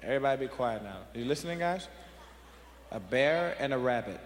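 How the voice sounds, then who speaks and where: Loud crowd noise fills an echoey arena as a young comedian does profane stand-up on the big stage before a live audience, slipping into voices and impressions. He speaks a little fast in an animated, medium-pitched voice.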